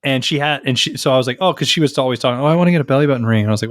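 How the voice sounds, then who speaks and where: A man's voice: medium pitch, rapid-fire, hardly any pauses, dry recording, studio quality. A man co-hosting a podcast, telling stories in casual banter, swearing freely and acting out other people's lines. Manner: profane, animated, acts out others' lines. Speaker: podcast co-host.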